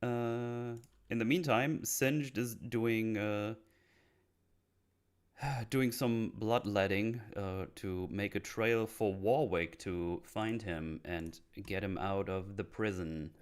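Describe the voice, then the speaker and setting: A man with a fairly low voice hosts a casual podcast. He recaps scenes in a loose, rambling way. He swears freely and laughs often. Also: fairly even intonation, takes it slowly, clean tone. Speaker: podcast host. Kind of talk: casual episode breakdown chat.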